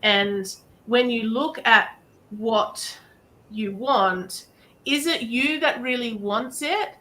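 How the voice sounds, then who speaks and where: A woman's voice: a little high, slow, pushed and bright, low-quality recording. A woman hosting a live-stream card reading, talking directly and encouragingly in a chatty way. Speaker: psychic reader and show host.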